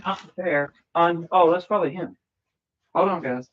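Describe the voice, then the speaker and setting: A man's voice: fairly high pitch, normal speed, muffled recording. A man chatting casually during a live game stream, playfully over-dramatic and humming little tunes between lines. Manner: chatty, mock-dramatic, humming and singing sound effects. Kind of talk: casual live-stream chat while gaming.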